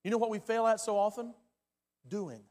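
A man preaching a sermon as pastor, his delivery swinging from loud and urgent to hushed and quiet. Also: high-pitched, moderate pace. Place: church sanctuary. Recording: long hall reverb.

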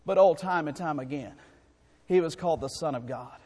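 A man preaching a sermon, emphatic and repetitive, his voice climbing louder and higher to drive home points. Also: moderate pace, slightly rough. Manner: emphatic, rises in pitch and volume for rhetorical points; repeats and restarts words while preaching. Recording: long hall reverb.

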